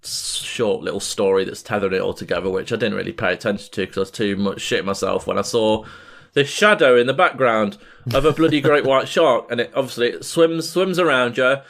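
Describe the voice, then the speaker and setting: A man's voice: mid-range voice, brisk, creaky, fairly bright tone. A man talks on a podcast mic in a mid-range voice. He rambles through a story, piling up fillers and restarts. He swears freely in loose, casual chat. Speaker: podcast co-host.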